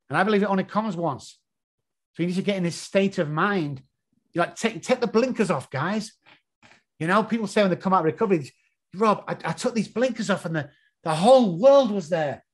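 English guy preaching motivation, higher pitched, swears a lot, hammers the same lines. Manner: emphatic, swears freely, repeats phrases. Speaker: motivational speaker. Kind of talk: motivational talk.

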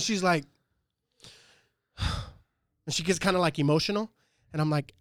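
A man's voice: a little high, normal speed, pauses often, dry recording, studio quality. A man co-hosting a podcast, telling stories in a casual, profane, earnest way. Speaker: podcast co-host. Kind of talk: casual chat.

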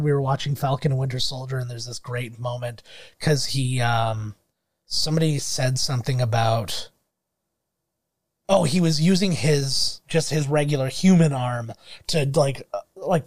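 A young man from Canada co-hosting a casual movie commentary, animated and acting out quotes with laughs. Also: medium pitch, moderate pace, dry recording. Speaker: podcast co-host.

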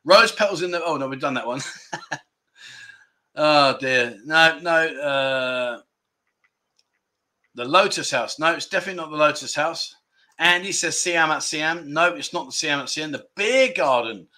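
Speaking at normal speed with frequent pauses, this man has a slightly high, bright, forceful voice. He hosts a casual livestream, jokingly ribbing the chat as he reads their guesses, with plenty of "mate" and "no."

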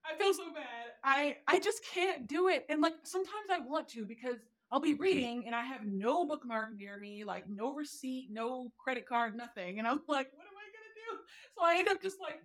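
A woman guest on a casual podcast, speaking from her home office, animated and laughing often. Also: sits high, normal speed, hardly any pauses. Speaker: podcast guest, book reviewer.

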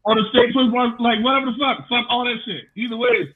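A man's voice: extremely high pitch, fairly even intonation, quick pace, narrow, tinny audio. A man co-hosting a podcast, ranting emphatically and cussing in casual chat. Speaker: podcast co-host.

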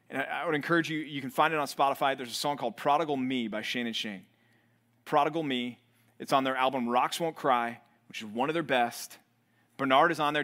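A male pastor preaching a sermon in an animated way, acting out quoted voices. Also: mid-range voice.

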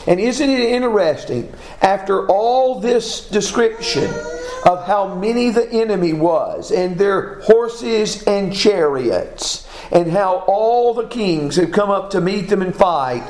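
A man's voice: high voice, darkish tone. A man leading a Bible class, reading scripture aloud and quizzing his students. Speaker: Bible study teacher. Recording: echoey room with faint noise.

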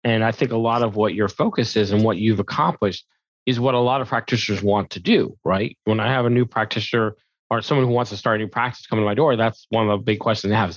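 Fast-talking man, muffled and dry. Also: lowish voice, no echo. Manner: rambling, restarts sentences. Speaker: co-host, attorney. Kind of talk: podcast interview. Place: hotel room.

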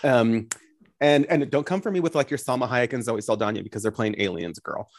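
A man with a mid-range voice chats as a podcast co-host. He is animated and chatty and drops in playful asides. He talks at an everyday pace. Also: mid-range voice, a little fast. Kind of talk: casual chat.

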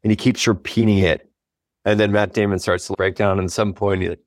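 A man's voice: lowish voice, moderate pace, gravelly, no room sound, studio quality. A man in his forties, a guest on a podcast interview, speaking in an earnest, thoughtful way and musing aloud. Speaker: guest, author.

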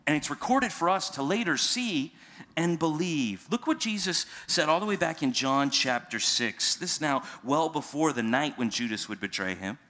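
A pastor delivers a sermon in a relaxed, conversational way, a man with a slightly high voice. He keeps asking his listeners questions and slips into casual everyday speech when he acts out quoted lines.

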